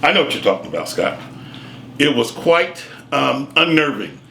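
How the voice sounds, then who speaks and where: Folksy and exuberant, this middle-aged sports super fan co-hosts a talk show, constantly tossing out "man" and "I'm telling you" in casual banter. His mid-range voice is sing-song, bright and forceful with vocal fry, at a moderate pace. The room is echoey, with a little hiss or hum.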